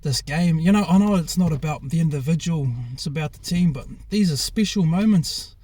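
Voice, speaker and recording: A man's voice: a little high, normal speed, dark tone, slightly rough, dry recording. A young man with a New Zealand accent, telling his own story in a frank, casual way, with many fillers and restarts and some swearing. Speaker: former rugby player. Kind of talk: candid personal storytelling.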